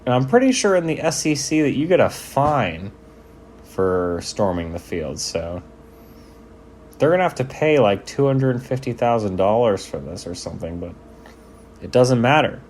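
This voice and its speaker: Man, casual sports commentary, laid-back, joking, profane, average pitch. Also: sing-song, moderate pace, a little mellow, a little hiss or hum. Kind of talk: casual commentary over game footage.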